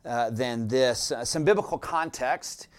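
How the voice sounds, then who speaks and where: A man preaching a sermon as pastor, speaking in a deliberate, reflective way with frequent "uh" fillers. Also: mid-range voice.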